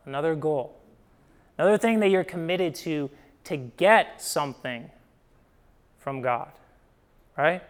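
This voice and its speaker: A young man from Ohio, the Midwest, preaching a sermon in a conversational storytelling way, often asking "right?" and swinging between emphatic bursts and quiet drops. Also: a little high, clean tone. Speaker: pastor.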